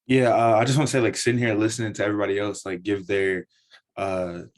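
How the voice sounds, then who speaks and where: A man's voice: lowish voice, little pitch movement, quick pace. A teenage boy speaking as a youth panelist on a video call, casual and earnest, saying "like" often. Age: teens.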